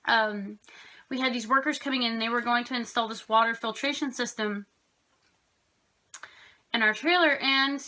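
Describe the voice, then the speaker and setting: A woman's voice: fairly high pitch, normal speed, long pauses, pushed and bright. A young woman vlogging casually at home, telling rambling stories about her pets with lots of fillers. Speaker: craft vlogger. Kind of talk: casual chatty storytelling.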